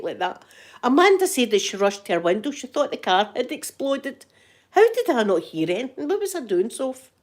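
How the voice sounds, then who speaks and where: A middle-aged Scottish woman and grandmother chatting in a casual ASMR vlog, animated and laughing often. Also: medium pitch, normal speed. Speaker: vlogger and grandmother.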